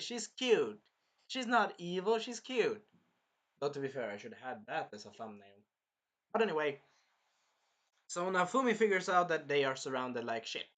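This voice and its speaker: A man's voice: on the high side, a bit bright. A man casually chatting through an anime episode review, rambling and swearing now and then as he retells scenes.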